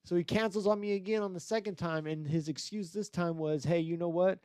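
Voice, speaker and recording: Speaking a little fast in a high-pitched, slightly mellow voice, this young battle rapper uses his podcast for a profane rant about a rival. He swears nonstop and mocks in fake voices, and the sound is clean with no room sound.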